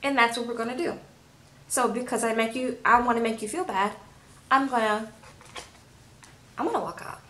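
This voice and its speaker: A woman's voice: a little high, normal speed, pauses often, fairly bright tone, reverberant, close to an everyday voice. A woman voicing a manipulative young woman who picks fights, speaking in a cold, mocking, dismissive way. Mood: scornful.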